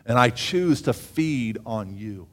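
Animated male preacher. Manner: animated, rises in pitch and volume for emphasis; reads scripture aloud with pauses and asides. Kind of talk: sermon.

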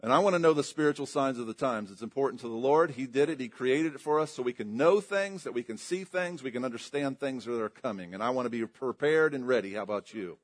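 A man preaching a sermon, swinging between loud emphatic lines and low quiet ones, putting questions to his congregation. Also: quick pace, hardly any pauses. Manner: emphatic, rising and dropping in pitch and volume.

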